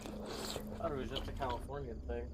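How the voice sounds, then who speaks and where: A man's voice: mid-range voice, fairly even intonation, fairly quick. A man joining a stream as a friend, teasing and joking with the host. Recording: distant voice with loud background noise.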